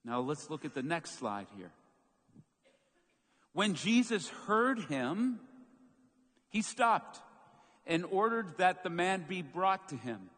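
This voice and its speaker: A man preaching a sermon as pastor, telling a story with lively, acted-out moments. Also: high-pitched, slow pace, pauses often. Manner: animated storytelling, acts out quoted shouts. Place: church sanctuary. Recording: long church hall reverb.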